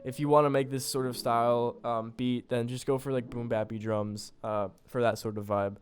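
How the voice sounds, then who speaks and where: A man's voice: mid-range voice, fairly even intonation, normal speed. Young man casually explaining beat-making. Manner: loose, filler-heavy, self-deprecating. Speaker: beat producer. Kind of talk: casual tutorial narration.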